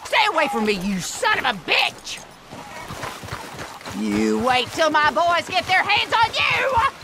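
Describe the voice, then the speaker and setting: A woman's voice: very high voice, sing-song, takes it slowly, gravelly, background noise, exaggerated voice. An actress voicing a mean, foul-mouthed old rural grandmother who hurls insults and threats, with a harsh, scolding voice. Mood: angry. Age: older. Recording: game audio with music behind.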